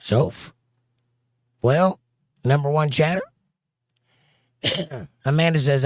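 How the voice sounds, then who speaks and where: On a casual livestream, a man with a higher-leaning voice reads out comments from viewers, chatting and joking with a ready supply of puns. The recording is dry and clean, like a studio.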